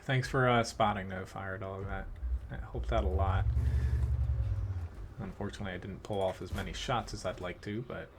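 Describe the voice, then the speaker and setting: A man with a Philadelphia accent talks over his gameplay in a loose, easygoing ramble, full of "like" and "um". His voice sits fairly low. A faint hiss runs underneath. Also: fairly even intonation, moderate pace. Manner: rambling, filler-heavy, laughs between thoughts. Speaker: game streamer. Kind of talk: casual live-stream commentary.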